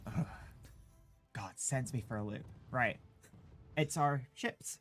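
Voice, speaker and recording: A woman's voice: a bass voice, soft background music. A Scottish woman, a game developer, chatting casually and reacting upbeat during a livestream. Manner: upbeat, quick reactions and agreement. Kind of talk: casual livestream gameplay chat.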